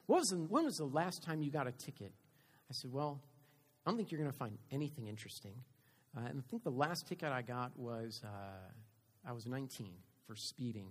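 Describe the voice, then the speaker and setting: Middle-aged guy preaching, tells stories, gets loud then goes quiet. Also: mid-range voice, animated, brisk, slightly rough. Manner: storytelling, swings between loud and quiet. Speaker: pastor. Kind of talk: sermon with personal story.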